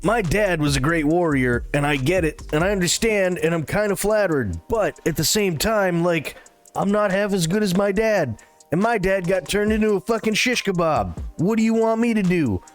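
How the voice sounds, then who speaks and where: A man's voice: sits high, animated, moderate pace, faint music behind. A man voicing a blunt young male fighter who is sarcastic and dismissive and swears freely.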